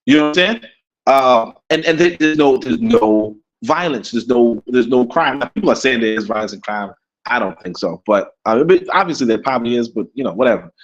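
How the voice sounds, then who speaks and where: A man's voice: medium pitch, lively intonation, brisk, lo-fi sound. A Caribbean-born man co-hosting a casual podcast livestream, rambling, repeating words and chuckling as he talks. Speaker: podcast co-host. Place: abroad in Africa.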